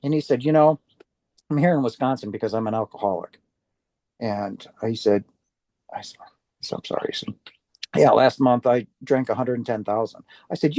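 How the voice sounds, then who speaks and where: A man, a guest in an interview, telling a story casually and acting out the dialogue with lively restarts. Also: medium pitch, moderate pace, pauses often, no room sound. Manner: animated, acts out quoted dialogue with restarts.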